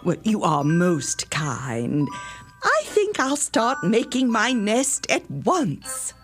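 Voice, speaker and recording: A woman voicing a fussy, naive female farm duck in an animated storybook musical, prim, flustered and eager. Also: mid-range voice, slow pace, soft background music. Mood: prim fluttery. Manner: flustered, prim and eager, breaks into song and quacking.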